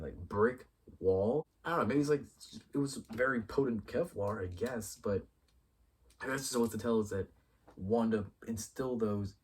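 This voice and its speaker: A man hosting his own review show, chatting casually and excitedly, swearing freely and rambling as he thinks aloud. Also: on the low side, husky, far from the mic. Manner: excitable and profane, acts out characters' lines mid-sentence. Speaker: YouTube show host reviewing a TV episode. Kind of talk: casual spoiler review talk.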